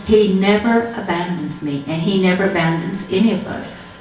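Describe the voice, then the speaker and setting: A woman's voice: lowish voice, normal speed, darkish tone, far from the mic, faint music behind. A woman giving a religious testimony talk, telling her story and acting out the dialogue. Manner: storytelling, acts out quoted dialogue. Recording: echoey hall, heard from afar.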